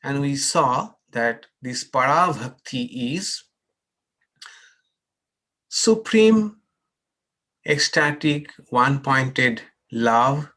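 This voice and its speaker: Slow-chanting swami, measured teaching voice. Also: male voice, mid-range voice, sharp tone. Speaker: swami teaching scripture class. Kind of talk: slow chanting and scripture class. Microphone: online class, unmuting participants.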